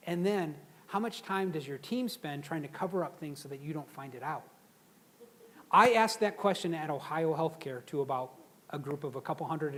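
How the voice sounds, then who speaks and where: A middle-aged man giving a lively leadership seminar, often throwing questions to the audience. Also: on the high side. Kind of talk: live seminar talk to an audience.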